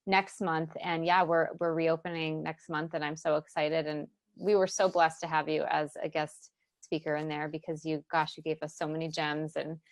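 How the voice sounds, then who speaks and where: A woman who works as a business coach, a guest on a podcast, speaking in an excited, heartfelt and emotional way. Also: low-pitched, normal speed, no echo. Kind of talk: casual interview chat.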